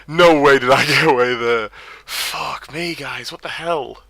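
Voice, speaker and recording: A young man giving live commentary while playing a game, swinging from quiet muttering to excited yelps. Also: mid-range voice, a little slow, creaky, no room sound. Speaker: streamer.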